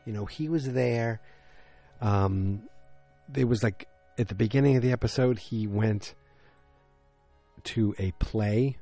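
A man's voice: fairly low pitch, slow pace, vocal fry, pauses often, warm tone, faint music behind. A man hosting a podcast, chatting casually and rambling, with frequent fillers and self-corrections. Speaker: podcast host recapping a TV episode. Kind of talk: casual chat.

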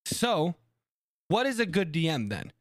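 A man co-hosting a casual podcast chat, animated and quick to joke and laugh. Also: fairly high pitch, no room sound, studio quality. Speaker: podcast co-host.

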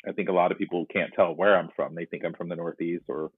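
A man's voice: sits low, fairly even intonation, fast talker, husky, no room sound. A man from North Carolina, a podcast guest, telling his personal story in an earnest, reflective way. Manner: earnest, reflective, retells scenes. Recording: dry, narrow phone-like line.

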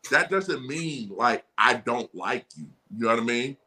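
Bright, animated man telling stories. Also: medium pitch, a little slow. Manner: animated storyteller, frequent laughs and profanity. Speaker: guest, former running back. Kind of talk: casual podcast storytelling.

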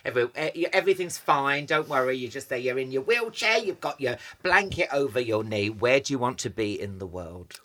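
A woman interviewing a guest in casual chat, animated and acting out little scenes. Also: very deep voice, a little fast, hardly any pauses.

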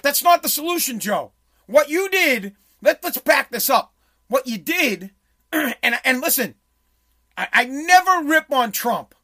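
A man's voice: very high-pitched, big pitch swings, unhurried, sharp tone. Blunt, swearing man ranting. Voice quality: blunt, sarcastic, swears freely. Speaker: commentator, small business owner. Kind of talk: profane political rant over video clips.

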